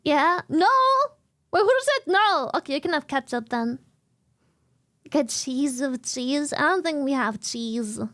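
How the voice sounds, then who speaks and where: High-voiced playful woman streamer. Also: expressive, a little slow, a bit bright. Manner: playful, singsong, chatty. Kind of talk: casual chat with viewers.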